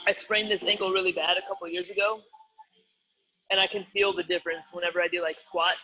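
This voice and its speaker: A man's voice: sits high, little pitch movement, fast, dull audio, background noise. A man coaching a live online workout, calling out exercises and reps in an upbeat, joking way. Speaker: fitness coach.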